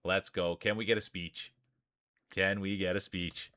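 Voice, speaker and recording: A man's voice: low-pitched, flat delivery, a little slow, bright, forceful tone, no room sound. A man in his forties with a small-town Saskatchewan Canadian accent, hosting live marble races with rambling, hyped sports-announcer patter. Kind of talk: live stream commentary and chat.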